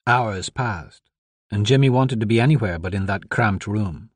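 A man reading an audiobook in steady, measured scripted narration. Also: fairly low pitch, breathy edge, dry recording.

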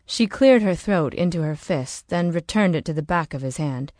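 A woman narrating an audiobook in a steady, measured way. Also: sits low, no echo, clean studio sound.

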